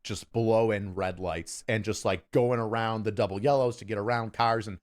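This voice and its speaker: A man telling a story in casual chat, lively and acting out the people he quotes. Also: fairly low pitch, moderate pace. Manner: animated, acts out quoted people. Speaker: guest storyteller.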